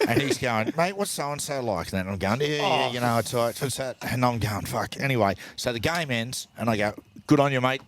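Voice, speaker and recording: A middle-aged Australian man, a podcast co-host, telling lively anecdotes and putting on voices for the people in them. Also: mid-range voice, fairly quick, hardly any pauses, a little hiss or hum. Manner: animated anecdotes with put-on quoted voices. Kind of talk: casual storytelling chat.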